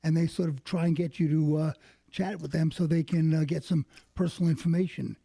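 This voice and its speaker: Mellow-voiced man chiming in on radio. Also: fairly high pitch, fairly even intonation, a little fast, creaky, slightly rough, no room sound, clean studio sound. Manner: storytelling, acts out quoted calls. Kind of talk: casual talk radio chat.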